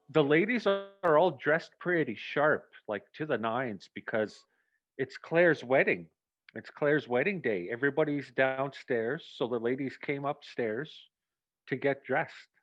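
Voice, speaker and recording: A man directing a community play, giving rehearsal notes in an animated way and acting out lines. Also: mid-range voice. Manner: animated, acts out lines, chuckles often. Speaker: theatre director. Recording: dull, dry lo-fi sound.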